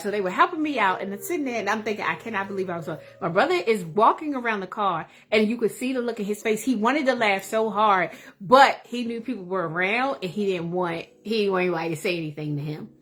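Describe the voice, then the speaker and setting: A woman hosting a livestream, telling a funny personal story in a casual, animated way. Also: medium pitch. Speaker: livestream host.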